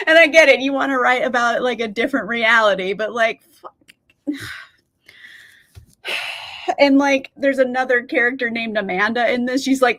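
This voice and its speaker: A woman in her thirties hosts a casual reading livestream, her voice a little high, a bit bright, and a little slow with long pauses. She's chatty, swears casually, and laughs often while reading out chat replies.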